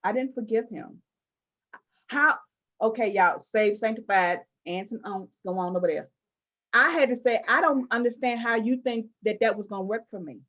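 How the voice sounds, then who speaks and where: A woman interviewing a guest, telling personal stories in an animated, emphatic way with playful asides. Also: on the high side, moderate pace, lo-fi sound. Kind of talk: candid conversational interview.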